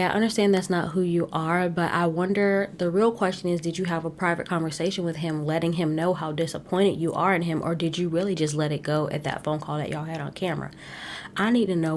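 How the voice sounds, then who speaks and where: A woman hosting a podcast, chatting casually and sassily with blunt opinions, slangy asides and quick laughs. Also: low voice, slight background noise. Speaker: podcast host recapping a reality show. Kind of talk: casual chat.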